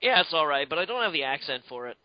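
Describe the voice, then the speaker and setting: A man from Canada, co-hosting a podcast in a rambling, profane, animated way. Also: fairly high pitch, fast talker, no room sound. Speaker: podcast co-host. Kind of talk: casual podcast chat. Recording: dull lo-fi, dry.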